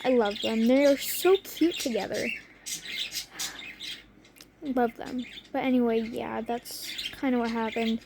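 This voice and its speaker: A young woman telling a story to her camera in a casual, excitable way, gasping and laughing as she goes. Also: a little high, measured pace, creaky, pauses often, noisy background. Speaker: vlogger.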